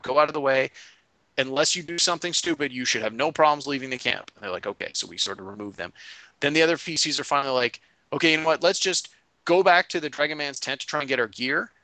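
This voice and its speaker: A man's voice: mid-range voice, no echo, rough recording. A man, a game master, casually recounting a tabletop session and quoting his players as he goes. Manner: animated retelling, quotes players in quick voices. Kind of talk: casual storytelling recap.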